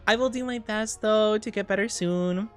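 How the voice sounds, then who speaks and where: A woman's voice: medium pitch, moderate pace, clean tone, soft background music. A young woman streamer talking casually while sick and dizzy, giggly, rambling and self-conscious. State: sick, dizzy, under the weather. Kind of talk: casual chat.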